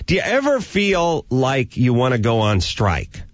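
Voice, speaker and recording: A man's voice: mid-range voice, unhurried, no room sound. Exasperated man ranting on dull radio. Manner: animated storytelling, acting out exasperated quotes. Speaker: radio show host. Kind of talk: comedic rant and phone interview. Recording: dull lo-fi radio sound, dry.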